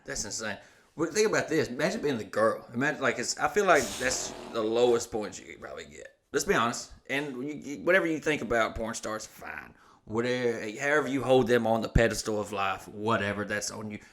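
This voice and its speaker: A man's voice: mid-range voice, lively intonation, brisk, a bit bright. A man in his thirties telling crude, joking stories as a podcast co-host. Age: 30s. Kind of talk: casual comedy podcast chat.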